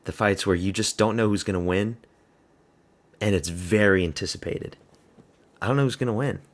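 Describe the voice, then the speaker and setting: A man giving casual, rambling live reaction commentary at a fight watch party, blunt and offhand. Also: fairly low pitch. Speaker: MMA fan host of a watch party stream.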